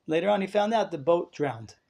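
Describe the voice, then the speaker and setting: A man's voice: sits high, lively intonation, brisk, gravelly, darkish tone. A man rabbi giving a live lecture to a class, emphatic and full of rhetorical questions, dropping in Hebrew terms. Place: study hall class with listeners.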